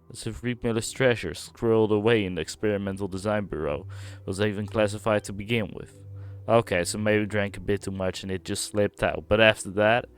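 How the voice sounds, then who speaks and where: A man's voice: fairly low pitch, smooth, lightly acted. A man reading out game lines as a down-on-his-luck barfly, with a put-on British-style accent and a rueful, grumbling delivery.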